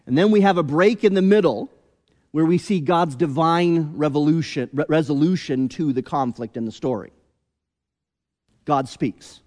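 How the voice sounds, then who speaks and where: A man preaching a sermon as pastor, deliberate and emphatic, with rhetorical questions. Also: on the high side, a little mellow, long reverb tail.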